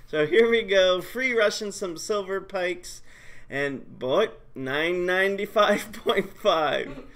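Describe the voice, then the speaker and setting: A high-voiced man hosts a casual live stream, talking through gameplay. He jokes around and breaks into excited bursts of hype. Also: takes it slowly. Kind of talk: casual game commentary.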